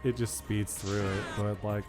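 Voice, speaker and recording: A man's voice: fairly low pitch, flat delivery, unhurried, music in the background. Frustrated young man streaming a game. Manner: frustrated, swearing, self-mocking rants. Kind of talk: casual gaming stream commentary.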